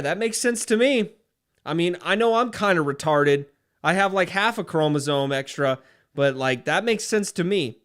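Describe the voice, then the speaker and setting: A man's voice: high-pitched, expressive, normal speed, a bit bright. A man hosting a livestream, reading chat and ranting in a profane, fired-up way. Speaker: livestream host.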